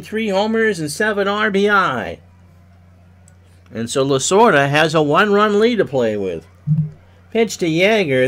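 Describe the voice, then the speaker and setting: Stuffy man, fairly high voice, solo baseball play-by-play; loud on hits, low for asides. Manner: rises loudly on hits, drops low for asides. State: stuffy from sneezing. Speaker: play-by-play commentator of a simulated game.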